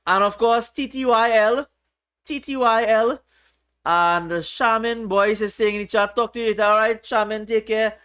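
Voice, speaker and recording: A man's voice: high voice, fairly even intonation, normal speed, bright, forceful tone, clean tone. A man hosting a casual livestream, reading viewers' chat aloud in a playful, teasing way. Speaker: livestream host.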